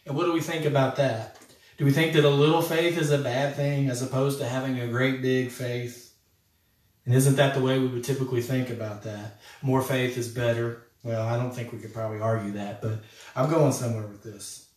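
A man's voice: medium pitch, steady tone, a little fast, darkish tone. A man preaching a sermon as a pastor, talking in an earnest, conversational way and addressing listeners as friends. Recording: echoey room, voice from a distance.

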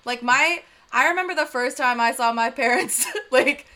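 Podcast co-host, female, high bright voice, giggly and rambling. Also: normal speed. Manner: laughing, playful, rambling. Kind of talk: casual film discussion.

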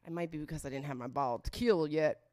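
Racing along in a low-pitched, dark-toned voice, a woman hosts a comedy show about sex. Her monologue is casual, profane, joking, and rambling.

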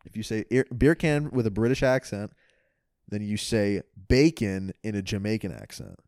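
A young man co-hosting a casual podcast chat, swearing freely and laughing loudly. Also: lowish voice, normal speed, dry recording, clean studio sound. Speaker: podcast co-host.

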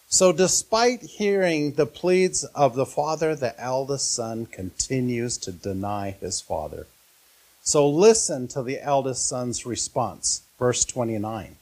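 Earnest, slow-speaking man preaching. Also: mid-range voice, expressive, darkish tone. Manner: earnest, questioning the listeners. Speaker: pastor. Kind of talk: sermon.

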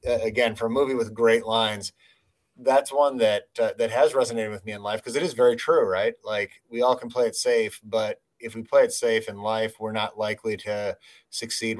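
A man with a lowish voice chats casually as a podcast co-host. He talks in a reflective, rambling way, full of ums and restarts. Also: steady tone, moderate pace. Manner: rambling, filler-heavy, reflective.

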